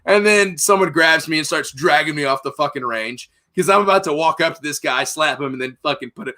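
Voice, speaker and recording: A young man hosting a podcast, telling a profane, animated story in casual chat. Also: fairly high pitch, a little fast. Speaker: podcast host.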